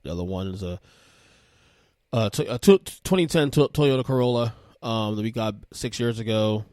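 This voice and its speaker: Male podcast host, thirties, casual and animated storyteller, dry recording. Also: lowish voice, normal speed, no echo. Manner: rambling, animated, with frequent restarts.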